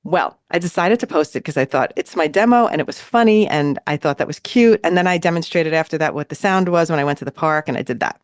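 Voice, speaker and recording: Animated woman telling a story, dry sound. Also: low voice, quick pace, hardly any pauses, no room sound. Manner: animated, acts out quoted lines. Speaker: podcast co-host. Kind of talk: casual chat, storytelling. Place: New York City.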